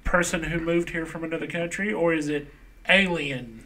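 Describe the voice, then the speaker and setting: A man's voice: a little high, fairly even intonation, normal speed, distant mic, a loud crowd. A man co-hosting a casual podcast with dry, joking asides. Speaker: podcast co-host. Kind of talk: casual chat.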